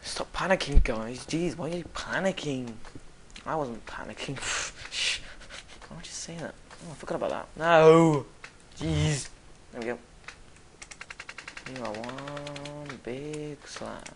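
Gamer muttering and yelling. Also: mid-range voice, moderate pace, slight background noise. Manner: mutters to self, then yells and shrieks at enemies. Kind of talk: gameplay commentary.

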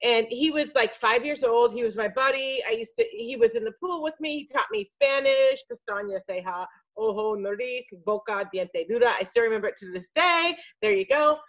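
Woman, middle-aged, slightly high voice, animated storyteller, casual swearing. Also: normal speed, few pauses, rough recording. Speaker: podcast guest. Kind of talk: casual storytelling on a group video call.

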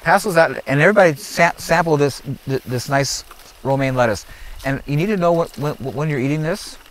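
A man's voice: fairly high pitch, animated, brisk, a bit bright, a little hiss or hum, rough recording. Emphatic man leading an outdoor garden tour. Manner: emphatic and preachy, repeats phrases, asks "are you hearing me?". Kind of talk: outdoor teaching talk to a group.

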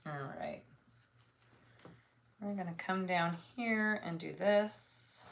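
A woman who makes bags hosts a casual livestream while cutting fabric, muttering checklists to herself and tossing chatty asides to viewers. Her voice is medium-pitched and gravelly, and she speaks slowly over noticeable background noise.

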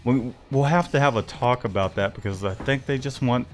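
A man's voice: medium pitch, a little fast, faint music behind. A man co-hosting a casual livestream, joking and greeting viewers by name. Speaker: livestream co-host.

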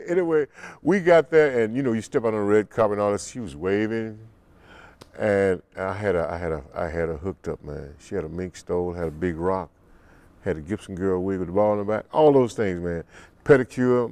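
An older man, a musician guest in an interview, telling stories in an unhurried way and acting out the quotes. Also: a little mellow, no echo. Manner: deep, unhurried storyteller who acts out quotes. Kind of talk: relaxed storytelling interview.

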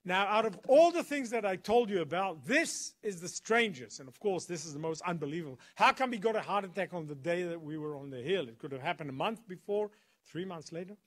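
Speaking briskly in a high-pitched, animated voice, a male guest speaker delivers a storytelling talk. He plays out the dialogue dramatically for his audience in a college lecture hall.

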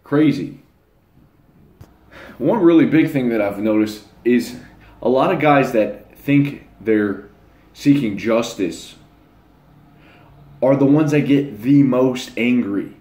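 A man's voice: medium pitch, takes it slowly, long pauses, dark tone. A young man talking casually to his channel's viewers, blunt and rambling, with crude slang. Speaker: channel host. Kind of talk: casual monologue to camera. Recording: echoey room.

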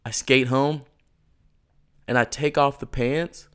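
Animated man telling a story, laughing. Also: mid-range voice, takes it slowly, clear, resonant tone. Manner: animated, laughing, swearing often, acting out quoted people. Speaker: podcast co-host. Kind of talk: casual storytelling.

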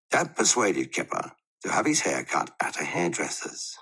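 A man reading a children's storybook aloud in an expressive, animated way. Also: low-pitched, normal speed, few pauses, slightly rough.

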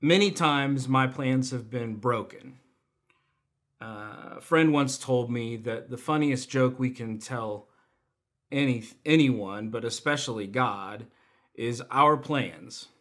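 Man, young adult, church testimony, self-deprecating humor, mid pitch. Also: slow, a bit bright. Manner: self-deprecating storytelling with laughs. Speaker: church volunteer speaker. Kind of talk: personal testimony sermon.

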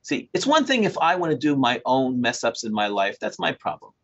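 A man in his sixties, a Torah scribe, telling a story to a small group in an animated way, acting out dialogue and often chuckling as he talks. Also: mid-range voice, fairly quick. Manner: chuckles often while talking. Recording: dull lo-fi recording.

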